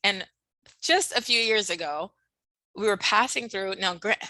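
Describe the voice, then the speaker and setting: A woman's voice: medium pitch, unhurried, sharp tone, no room sound, rough recording. A woman presenting a webinar workshop, talking expressively, acting out quoted voices and laughing often over a video call. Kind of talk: animated webinar talk.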